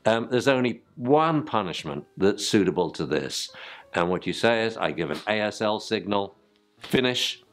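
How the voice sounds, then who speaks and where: A man's voice: on the low side, lively intonation, moderate pace. An older man, teaching dog training informally and acting out yelps and spoken commands to dogs.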